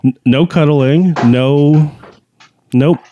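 A man's voice: fairly high pitch, drawn-out words, warm tone, dull audio, a little hiss or hum. A man co-hosting a podcast in casual chat, blunt and laid-back, with lots of "you know" fillers. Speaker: podcast co-host.

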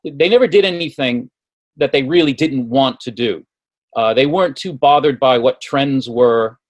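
A man's voice: mid-range voice, normal speed, no echo. Earnest male music historian guest. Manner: earnest, thoughtful, with many fillers. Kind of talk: casual radio chat.

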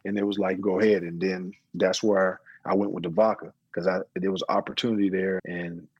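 A middle-aged man, an interview guest and business owner, talking casually and telling his story with lively quoted dialogue. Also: deep voice, fairly quick, slightly rough, no room sound, highs cut off. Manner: storytelling, animated when quoting others.

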